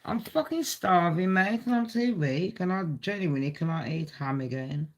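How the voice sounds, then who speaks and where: A woman's voice: low-pitched, animated, normal speed. A woman hosting a live gossip stream, chatting in a blunt, rambling way with heavy swearing.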